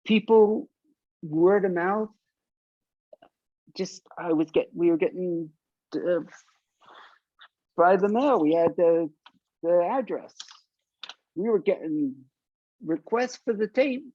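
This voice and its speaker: An older man from South Florida who sings punk speaks slowly with long pauses in a high-sitting voice, animatedly acting out quoted voices as he tells stories in a casual interview. The recording is dry and lo-fi.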